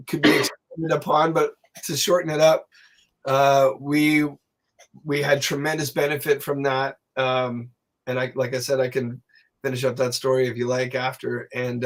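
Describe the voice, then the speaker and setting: A man telling a long personal story as a podcast guest, animated and swearing, acting out the voices of people he quotes. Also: mid-range voice. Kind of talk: casual storytelling.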